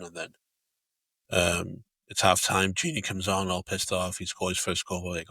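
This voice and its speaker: A man co-hosting a casual podcast, telling an animated story with lots of fillers and swearing. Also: deep voice, moderate pace. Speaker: podcast co-host.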